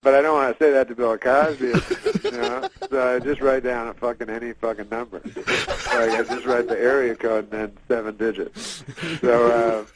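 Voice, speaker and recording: A man's voice: mid-range voice, steady tone, normal speed, background noise. A man comedian casually telling a long story, rambling with many fillers and frequent chuckles, on a remote call. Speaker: comedian guest.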